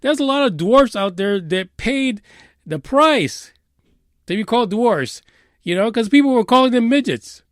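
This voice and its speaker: A man hosting a podcast in a profane, sarcastic rant, swinging between loud outbursts and low mutters. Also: animated, unhurried, no echo, clean studio sound. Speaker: podcast host. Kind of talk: ranting podcast commentary.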